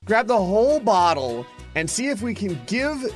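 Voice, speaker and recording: Excitable man in lively game commentary. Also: high-pitched, normal speed, faint music behind. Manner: excitable, laughs often, yelps in surprise. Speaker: gaming commentator. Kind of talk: let's play commentary.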